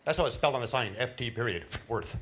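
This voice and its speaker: A middle-aged man doing a stand-up comedy set on a cruise ship, telling animated stories with laughs and put-on voices. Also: medium pitch, very fast, noisy background. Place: cruise ship show lounge.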